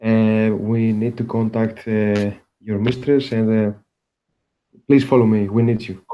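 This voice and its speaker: A man playing a tabletop game, speaking partly in character in a halting way. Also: fairly low pitch, level tone, muffled recording. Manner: halting, with fillers. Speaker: player.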